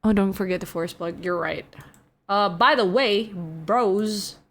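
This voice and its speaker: Woman, young adult, streamer, casual chat, slow, drawling, sleepy, says bro. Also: mid-range voice, a bit bright. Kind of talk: casual chat with viewers, reading chat aloud.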